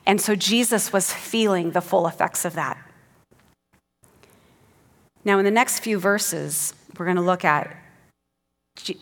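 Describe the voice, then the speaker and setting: A woman's voice: lowish voice, fairly bright tone, big-room sound. A woman giving an earnest sermon who teaches the passage and reads scripture aloud with rising emphasis. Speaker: preacher.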